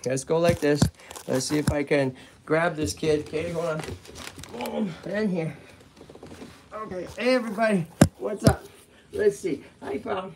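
Excitable Massachusetts man with a gravelly voice. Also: on the high side, a little slow, pauses often, heavy background noise. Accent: Boston-area Massachusetts. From Lowell, Massachusetts. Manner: chatty and excitable, addresses viewers and animals. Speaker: tortoise sanctuary host. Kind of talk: casual livestream talk. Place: outdoors at a tortoise yard. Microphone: handheld phone camera, filming himself.

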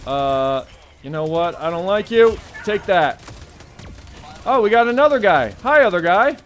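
A man hosting a gaming channel, giving excitable let's play commentary full of yelps and laughter. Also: high-pitched, measured pace.

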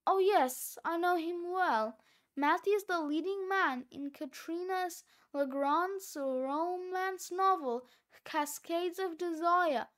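Soft, wistful older schoolwoman, unhurried, storybook, voiced by a woman. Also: very high voice, heavily acted. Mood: tearful. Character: sentimental older woman school staffer, tearful. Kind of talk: storybook read-aloud.

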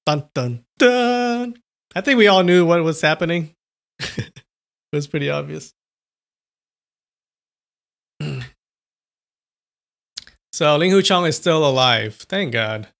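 A man's voice: a little high, slow, creaky, pauses often, fairly bright tone. Chatty man reading a novel aloud. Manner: chatty, reacts to viewers' comments. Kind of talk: live reading with chat asides.

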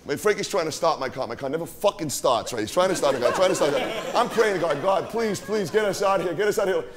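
A man's voice: a little high, animated, fast, a crowd in the background, natural voice. A man performing a swaggering, profane streetwise young guy on a live stage, telling a rowdy party story and forever asking "right?". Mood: boastful. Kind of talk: live stage character monologue. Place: theater stage.

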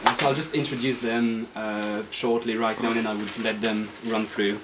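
A man's voice: on the low side, little pitch movement, moderate pace, very noisy. A man hosting a poetry reading at a bookshop, introducing the poets hesitantly with many fillers. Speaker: event host. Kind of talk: live event introduction.

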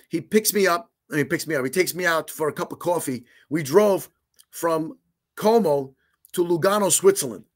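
A man as an interview guest, telling a story in a lively way, acting out dialogue with many restarts. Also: fairly high pitch. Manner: talks with many restarts and filler. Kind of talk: animated storytelling.

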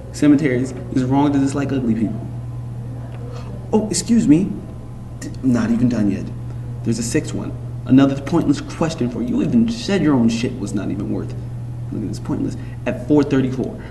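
A man's voice: mid-range voice, warm tone, slight background noise. A young man vlogging to camera in a casual, profane rant, blunt and mocking as he talks over music and forum posts.

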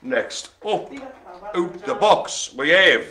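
A man's voice: a little high, animated, takes it slowly, bright, forceful tone. A man hosting a live online bingo show, cracking puns and making silly noises between calls. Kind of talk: jokey live bingo calling.

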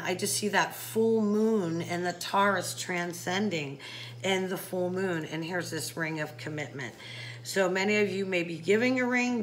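A woman's voice: lowish voice, a bit bright, slight background noise, poor audio. A woman doing a casual tarot reading to camera, chatty, with many fillers and talking straight to the viewer. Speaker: psychic tarot reader.

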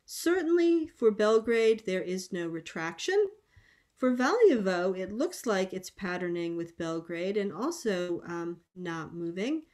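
A woman lecturing on linguistics at an academic colloquium, speaking in a measured, explanatory way with frequent pauses and ums, over a video call. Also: medium pitch. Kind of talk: academic conference talk.

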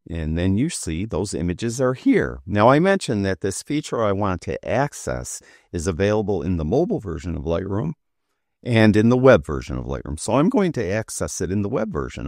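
Very deep-voiced man teaching software. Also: vocal fry, no room sound, studio quality. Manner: relaxed, conversational, talks while clicking. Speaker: photography software tutor. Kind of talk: screen-recorded software tutorial.

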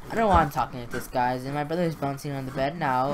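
A woman with a deep, low voice talks viewers through her game from a room at home, rambling and excitable. Her voice is wearing out and she keeps clearing her throat. A steady hiss of background noise sits under the home recording. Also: fast talker, hardly any pauses. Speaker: gaming video host. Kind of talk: live gameplay commentary. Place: home room, brother nearby.

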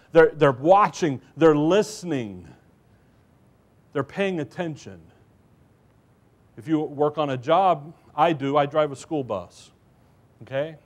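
A man preaching a church sermon in a folksy storytelling way, with asides to the listeners. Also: on the high side.

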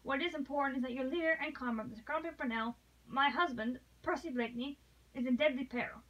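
A desperate noblewoman pleads urgently for her husband's life, as a woman reads her lines from a novel. Her voice sits high and earnest. The sound is dull and lo-fi. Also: fast talker, a bit bright, recorded from a distance. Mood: calm resolve. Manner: earnest, urgent, rising to passion.

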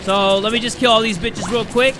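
A man doing let's play commentary as a gaming YouTuber, joking crudely and yelling at the game. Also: sits high, fairly even intonation, brisk, music in the background.

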